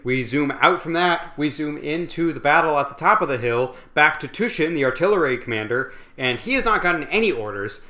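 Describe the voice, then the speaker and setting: A tipsy man rambles through a comedic book summary, swearing freely and tripping over fillers. His voice is bright and forward. A roomy echo hangs on every line. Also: mid-range voice. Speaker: host.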